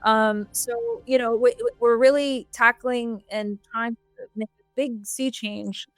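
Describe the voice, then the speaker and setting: A woman's voice: a little high, steady tone, takes it slowly, dry recording, faint music behind. A woman guest on a podcast, co-founder of an advocacy group, speaking earnestly and practically with frequent "um" fillers. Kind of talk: podcast interview, giving advice.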